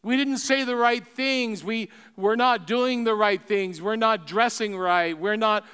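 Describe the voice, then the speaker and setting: Man preaching a sermon, high smooth voice, gets loud then real hushed. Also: measured pace. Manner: emphatic, swinging between raised and hushed delivery.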